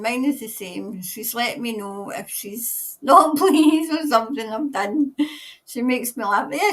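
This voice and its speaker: A Scottish woman rambles through a relaxed live stream, laughing often and greeting viewers by name. Her voice sits a little high. She is a bit far from the microphone, so she sounds slightly distant. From Scotland. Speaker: tarot reader hosting a live stream.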